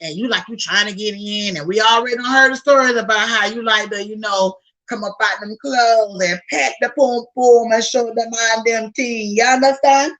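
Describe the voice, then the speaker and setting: Chatty bright-voiced woman podcast host. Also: on the high side, moderate pace, poor audio. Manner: animated, chatty, slangy asides to listeners. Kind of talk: casual celebrity gossip chat.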